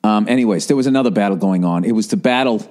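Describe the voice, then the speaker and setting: A man's voice: fairly low pitch, racing, darkish tone. A man from the area, ranting in casual, profane, sarcastic podcast talk. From Boston area. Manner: sarcastic, rambling, swears constantly.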